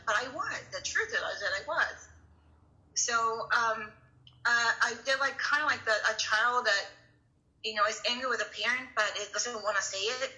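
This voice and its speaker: A young woman with a fairly high, very bright and forceful voice shares a personal testimony. She speaks earnestly and haltingly, often restarting her sentences. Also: expressive, low-quality recording. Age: young adult. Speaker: coach sharing her story in a class.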